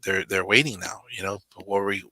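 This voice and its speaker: A man's voice: low-pitched, fairly even intonation, a little fast, bright, forceful tone, dry recording. A man telling a personal story in a casual chat, earnest, with many fillers and restarts. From Samoan. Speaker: channel member guest. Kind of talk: casual video call chat.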